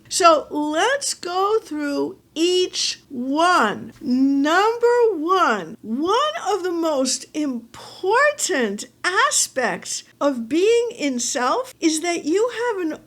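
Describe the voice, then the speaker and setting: Upbeat therapist lady talking to camera, high voice with some fry. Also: fairly bright tone. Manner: upbeat, coaching, talks straight to the viewer. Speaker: therapist hosting a video series. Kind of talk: direct-to-camera self-help talk.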